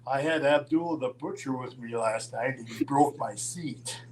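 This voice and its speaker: An older man from Minnesota spins a road story at a middle pitch, slipping into quoted voices and chuckling as he goes. A faint electrical hum sits under his voice. His talk is loose and casual. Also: normal speed, low-quality recording. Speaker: storyteller guest. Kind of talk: casual anecdote telling.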